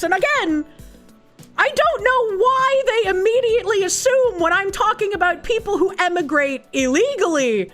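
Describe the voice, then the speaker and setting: A woman's voice: very high voice, expressive, normal speed, fairly bright tone, soft background music. A woman with a Boston accent, streaming and ranting casually in a blunt, profane way. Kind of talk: casual livestream commentary.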